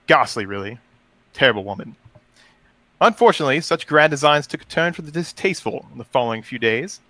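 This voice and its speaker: A courtly elf lord, pompous and lovesick, telling his tale in flowery role-play narration, as a man reads it aloud. The voice is bright and forceful, and it sounds close and dry. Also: fairly high pitch, no room sound.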